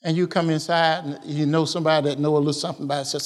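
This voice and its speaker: Preacher in a reverberant church hall. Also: male voice, on the high side, flat delivery, rapid-fire. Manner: call-and-response preaching, repeats phrases, laughs often. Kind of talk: sermon.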